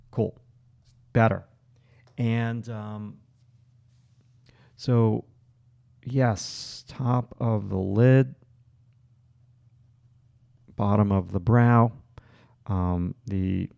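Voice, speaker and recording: A low, gravelly man with a Long Island accent talks through a drawing demo. He thinks aloud as he works, breaking off into fillers and restarts. The sound is dry and close. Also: darkish tone, no room sound. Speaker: art instructor. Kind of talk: livestream drawing demonstration.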